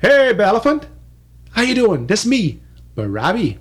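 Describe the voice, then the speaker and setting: A man's voice: fairly high pitch, lively intonation, fairly quick, darkish tone, slightly rough. Man doing a sly little trickster hero. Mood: cheery. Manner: coaxing, sly. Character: cunning small male trickster hero.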